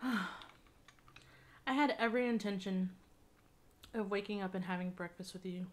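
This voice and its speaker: A woman's voice: mid-range voice, measured pace. Chatty woman food vlogger. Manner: chatty, expressive, talks to viewers as "y'all". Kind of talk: casual taste-test vlog.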